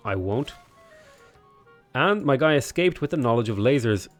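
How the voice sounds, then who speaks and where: A young man chats loosely through a game livestream, rambling off on tangents and cracking jokes. His voice sits in an ordinary middle pitch. Soft music plays faintly behind him. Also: animated, moderate pace, pauses often. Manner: rambling, joking, digressive. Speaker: game streamer. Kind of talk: casual livestream commentary.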